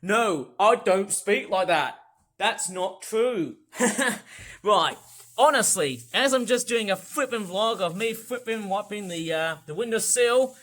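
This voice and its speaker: A man with an Australian accent talks in a high voice through a casual home vlog while he does chores. He rambles, circles back to the same points and keeps the tone upbeat and chatty. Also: lively intonation, slow, fairly bright tone. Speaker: vlogger. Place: his own house, indoors.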